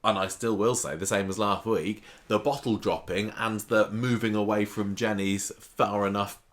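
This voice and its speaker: Male podcast co-host, lowish voice, chatty soap recapper who slips into characters' lines. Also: fairly even intonation, moderate pace. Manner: chatty, laughs often, acts out characters' lines. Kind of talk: casual chat recapping a soap.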